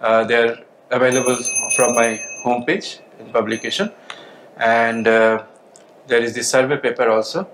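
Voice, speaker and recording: A man giving a conference lecture, speaking in a measured way with frequent "okay" and "uh" fillers. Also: mid-range voice, flat delivery, a bit bright, a little hiss or hum, low-quality recording. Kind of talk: conference talk.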